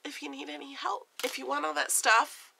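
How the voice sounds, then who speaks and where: A woman's voice: high-pitched, flat delivery, moderate pace, creaky, bright, forceful tone, slight background noise. A woman vlogger chatting casually to the camera, rambling and scattered, jittery and overstimulated, laughing at herself as she goes. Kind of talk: casual vlog chat.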